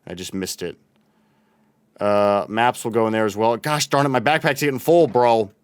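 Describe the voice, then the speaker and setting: Chatty male gaming streamer, smooth voice. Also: fairly low pitch, normal speed, no room sound. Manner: chatty, reads chat aloud and thanks followers. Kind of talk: casual livestream chat while gaming.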